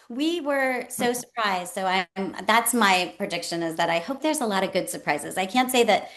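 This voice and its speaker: Woman host, chatty and expressive, acts out every quote, laughs easily. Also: mid-range voice, normal speed. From New York State. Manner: animated storyteller, acts out quotes, laughs often. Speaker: podcast host. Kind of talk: casual conversational interview.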